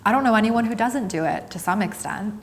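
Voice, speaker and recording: A woman's voice: mid-range voice, brisk, long reverb tail, slight background noise. A woman, an actor, talking casually and upbeat in an interview.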